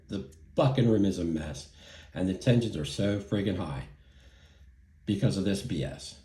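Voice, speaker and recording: A man's voice: low-pitched, warm tone. A middle-aged man telling a story in a casual vlog, indignant and profane, rambling with lots of fillers. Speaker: vlogger. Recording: echoey room.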